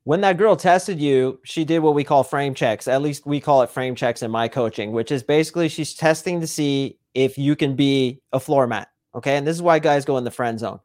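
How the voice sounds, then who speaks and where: A man's voice: medium pitch, normal speed, hardly any pauses, darkish tone, no echo, studio quality. A man who is a dating coach, a podcast guest, explaining with confidence and acting out quoted dialogue.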